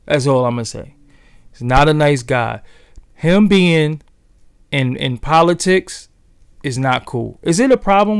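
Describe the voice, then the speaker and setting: A man hosting a casual livestream speaks to his chat in a Brooklyn, New York accent, loose and full of profanity. His medium-pitched voice has vocal fry and a clear, resonant tone. The audio is studio quality and echo-free.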